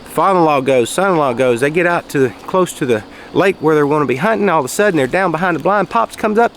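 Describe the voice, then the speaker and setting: A man telling a folksy story outdoors in a casual monologue, raising his voice for quoted shouts. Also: fairly high pitch, lively intonation, quick pace, few pauses, a little hiss or hum. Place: outdoors, quiet spot near traffic.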